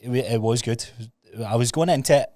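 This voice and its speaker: A man's voice: medium pitch, a little fast, a little mellow, no echo, studio quality. A young Scottish man, a podcast guest, chatting casually and swearing easily. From Scotland. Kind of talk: casual chat.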